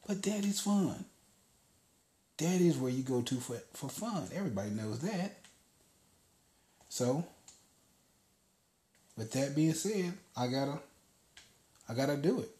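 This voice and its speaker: A man's voice: medium pitch, big pitch swings, measured pace, pauses often, warm tone. A man hosting a podcast, telling a story in a loose, casual monologue and swearing freely. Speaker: podcast host. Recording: roomy echo.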